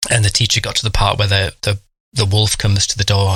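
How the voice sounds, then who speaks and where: A man co-hosting a podcast, telling family anecdotes in a casual, animated way. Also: on the low side, fast, no echo. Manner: animated anecdote-telling, acts out children's voices. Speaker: podcast co-host. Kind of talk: casual storytelling chat.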